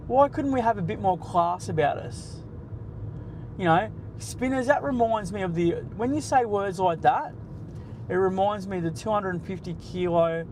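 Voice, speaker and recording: A man's voice: sits high, moderate pace, a little hiss or hum, poor audio. An Australian man in his late forties, hosting a casual, blunt and sweary live stream, bantering with his chat from the driver's seat of a car. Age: 40s. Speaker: livestream host.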